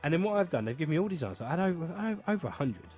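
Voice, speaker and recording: A man's voice: on the high side, sing-song, racing, a little mellow, soft background music. A young man hosting a podcast, chatting in a rambling, jokey way and slipping into silly greeting voices. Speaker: podcast host. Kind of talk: casual chat.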